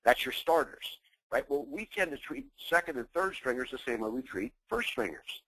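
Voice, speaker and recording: A man's voice: medium pitch, animated, normal speed, sharp tone, a little hiss or hum, rough recording. A man leading a motivational business training call, intense and emphatic, firing rhetorical questions at his listeners. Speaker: business coach.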